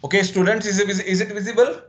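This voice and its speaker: A man's voice: high voice, fairly even intonation, fast. A male physics lecturer, teaching an online class and explaining each step over again with frequent "okay"s.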